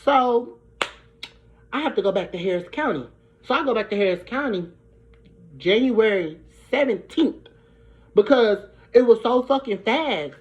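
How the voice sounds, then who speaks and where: Animated New woman telling a story. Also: fairly high pitch, unhurried, long pauses. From Brooklyn, New York. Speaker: vlogger. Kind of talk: storytime vlog. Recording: dull lo-fi recording.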